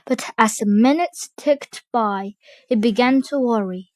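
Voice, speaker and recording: A woman reading a children's storybook aloud, slowly and expressively. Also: on the high side, no room sound. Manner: slow, careful, expressive reading. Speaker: storybook reader.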